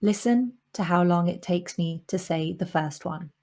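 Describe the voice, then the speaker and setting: A woman giving a scripted lesson on English pronunciation, speaking clearly and measuredly and slowing down to model example sentences. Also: on the low side, darkish tone.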